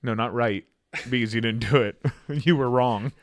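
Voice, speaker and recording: A man's voice: medium pitch, moderate pace. A man co-hosting a podcast, teasing his friend and laughing often in casual banter. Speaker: podcast co-host.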